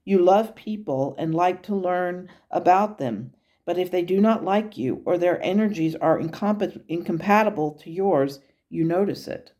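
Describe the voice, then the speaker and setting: A woman voicing a calm, patient male spirit guide who speaks in a measured, gently instructive way. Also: fairly low pitch, lightly acted.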